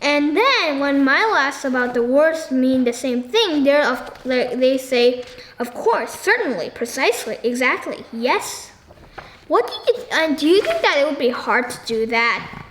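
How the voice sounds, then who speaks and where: A woman hosting a casual book discussion. She talks haltingly, with many ums and restarts, and keeps asking the listener questions. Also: high voice, sing-song, fairly bright tone. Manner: asks the listener frequent questions. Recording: echoey room with faint noise.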